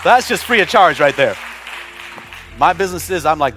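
A man's voice: on the high side, a little fast, pauses often, a faint crowd, a little hiss or hum. A man preaching a sermon as pastor, joking with the congregation, calling for amens and leading a prayer. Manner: animated preaching with humor and call-and-response. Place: church with several campuses, also streamed online.

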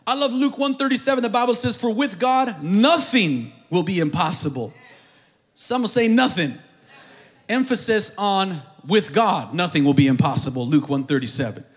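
High-voiced man preaching a sermon. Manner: call-and-response preaching, builds to shouted climaxes; acts out prayers in a mumbled comic voice. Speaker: pastor.

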